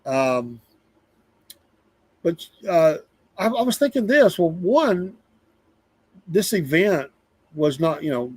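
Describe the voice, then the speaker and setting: A man's voice: fairly high pitch, sing-song, takes it slowly, long pauses, a little mellow, slightly rough, no echo. A middle-aged man with a Southern US accent hosting a live show, venting in a casual, rambling monologue and repeating himself for emphasis.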